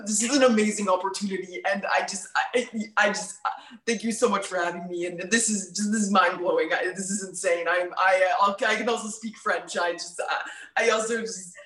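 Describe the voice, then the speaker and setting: A woman's voice: mid-range voice, steady tone, brisk, a bit bright, reverberant, voice pushed down, lightly acted. A woman imitating a nervous young male actor who stammers and rambles. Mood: flustered.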